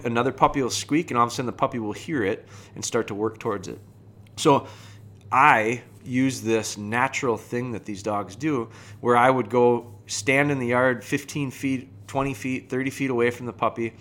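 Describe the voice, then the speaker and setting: A man hosting a podcast, explaining puppy training in a relaxed, conversational way, with fillers and restarts. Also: medium pitch, moderate pace. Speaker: podcast host and dog trainer. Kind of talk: casual podcast talk.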